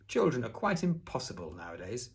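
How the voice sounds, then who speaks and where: A man reading a storybook aloud, voicing a disapproving onlooker who tuts in a hushed, scandalized way. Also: medium pitch, wildly swooping pitch, fairly quick, creaky.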